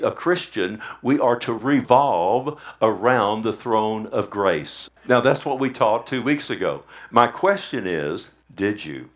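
A male pastor preaching a Sunday sermon in a church service, often asking his congregation "amen?". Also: lowish voice. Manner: preaching with frequent "amen?" call-outs.

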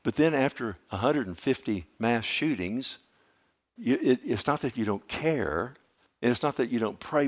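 A man preaching a sermon as pastor, dropping to hushed lines and rising to loud emphatic ones. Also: mid-range voice.

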